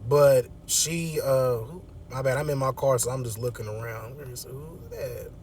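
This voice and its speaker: A man's voice: mid-range voice, moderate pace, darkish tone, a little hiss or hum. A man casually recapping a movie from his car, laid-back and slangy with frequent chuckles.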